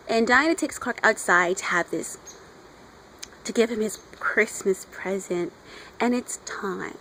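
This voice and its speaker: A woman's voice: mid-range voice, measured pace, sharp tone, slight background noise, low-quality recording. Chatty gushing woman reviewing comics outdoors. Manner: gushing, chatty fan talk with playful voices for characters. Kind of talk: casual video review.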